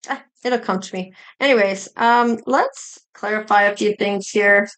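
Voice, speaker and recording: A woman's voice: medium pitch, unhurried, a bit bright, clear, resonant tone. A woman tarot reader musing aloud in an unscripted psychic reading, meandering with fillers and small giggles.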